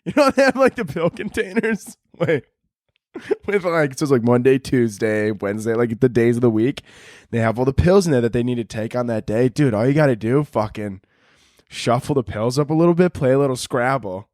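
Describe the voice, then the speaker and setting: A man hosting a solo comedy podcast, ranting with lots of swearing and laughter, and jumping between high mock voices and low mutters. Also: expressive, brisk, darkish tone, no echo, studio quality. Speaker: podcast host.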